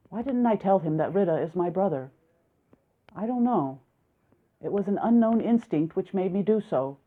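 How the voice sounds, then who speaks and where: A woman narrating a first-person audiobook in a steady, reflective storytelling manner. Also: mid-range voice, moderate pace. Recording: narrow, phone-like lo-fi sound.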